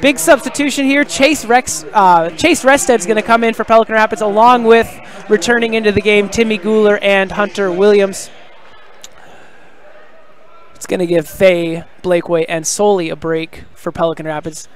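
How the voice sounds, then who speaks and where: A man handles the live call of a high school hoops game from courtside in the gym, talking at an ordinary speed. He gets worked up and loud on the major plays and keeps up casual, friendly asides.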